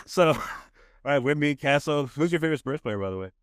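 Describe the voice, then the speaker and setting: A man's voice: on the high side, expressive, clean tone, dry recording. Playful male podcast host, dry sound. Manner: playful, laughs often, asks quick questions. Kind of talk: casual chat. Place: podcast studio.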